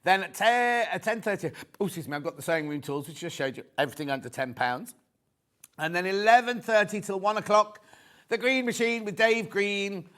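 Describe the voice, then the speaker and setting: A man presenting a live TV shopping show, chatty and excitable, reading out prices and viewer messages. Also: high voice, fairly quick. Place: TV studio.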